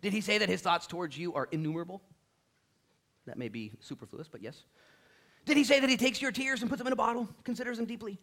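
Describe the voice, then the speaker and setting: A man's voice: high-pitched, very fast, hardly any pauses, a bit bright. A middle-aged male pastor preaching a conversational sermon, acting out little dialogues along the way.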